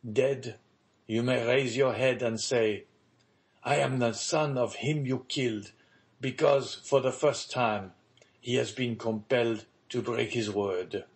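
A man's voice: mid-range voice, fairly even intonation. A man reading a solemn, resigned old father. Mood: grave. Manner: slow, grave, measured pleading.

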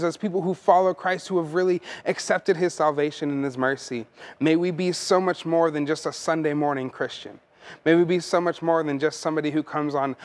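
A man preaching a sermon as pastor, earnest and conversational, often repeating words as he goes. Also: fairly high pitch.

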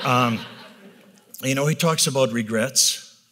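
A man's voice: mid-range voice, pushed and bright, slight background noise. A man, around his fifties, giving a candid, self-deprecating personal talk to an audience, often tagging "right?" and rambling with restarts. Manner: rambling, with restarts and filler pauses. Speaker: business leader giving a talk.

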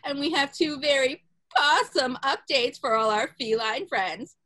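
A woman's voice: high-pitched, animated, moderate pace, bright, forceful tone. A woman playing a gushing big-cat sanctuary owner. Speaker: sketch comedian. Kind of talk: sketch comedy parody.

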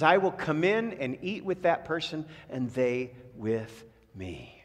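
A pastor delivers an emphatic sermon with a fairly high voice that climbs on each key phrase and falls low at the end of a thought. His words ring out with a long reverb from the sanctuary around him. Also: a bit bright. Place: church sanctuary.

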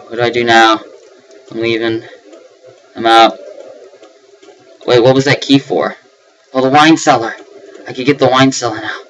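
A man's voice: mid-range voice, fairly bright tone, highs cut off, a little hiss or hum. A young man giving nervous running commentary on a horror game, breaking into panicked repeated words and yelps. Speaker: let's play gamer.

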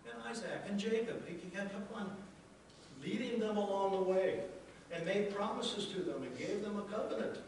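A man's voice: high-pitched, normal speed. A male pastor delivering a sermon, asking the congregation rhetorical questions and acting out quoted lines. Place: church sanctuary. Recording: echoey church from a distance with noise.

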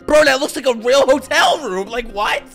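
A man hosting an anime reaction video in casual commentary, excitable and talking straight to his viewers, swearing freely and laughing often. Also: very high voice, moderate pace, creaky, soft background music.

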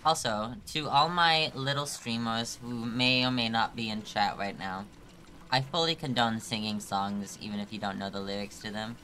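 Man, game streamer, bright voice, teasing and mock-dramatic, casual live chat. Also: on the low side, normal speed, slight background noise.

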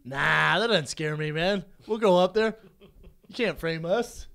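A man's voice: high voice, a little slow, gravelly, fairly bright tone. A man in his thirties co-hosting a podcast, blunt and joking, swearing freely in casual chat. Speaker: podcast co-host.

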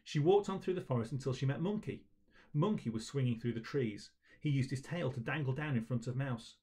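A man's voice: medium pitch, fairly quick, dark tone. A man leading a school assembly, reading a children's story aloud and encouraging the children afterwards.

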